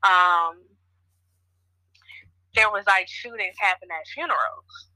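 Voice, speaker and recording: A woman's voice: medium pitch, takes it slowly, sharp tone, dry recording, poor audio. A woman hosting a podcast from Chicago, chatting casually and telling stories with lots of fillers. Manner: chatty, storytelling, frequent fillers. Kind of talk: casual conversation.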